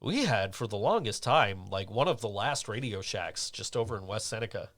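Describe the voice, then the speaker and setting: A man's voice: lowish voice, animated, normal speed, fairly bright tone. A man hosting a podcast, telling stories in a rambling, casual way with lots of fillers. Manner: rambling, chatty storytelling with many fillers. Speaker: podcast host. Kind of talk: casual chat.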